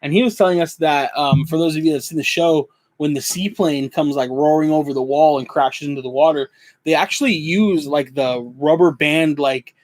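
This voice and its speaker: Young male co-host, casual, higher-pitched, drops likes and dudes. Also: normal speed. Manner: laid-back, lots of likes and dudes. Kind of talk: casual chat.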